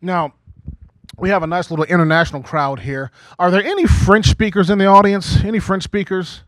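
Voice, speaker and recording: Dry-voiced stand-up comic over forty. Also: male voice, high-pitched, steady tone, brisk, a bit bright, no room sound. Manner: conversational, frequent "okay?" asides, acts out quoted voices. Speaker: stand-up comedian and emcee. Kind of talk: stand-up comedy set. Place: small community TV studio stage before a live audience.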